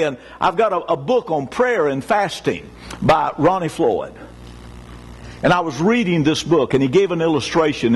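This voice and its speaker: A man's voice: extremely high pitch, a bit bright, breathy edge, low-quality recording. A male pastor preaching an Easter sermon, telling a story with big swings in his voice. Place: church sanctuary.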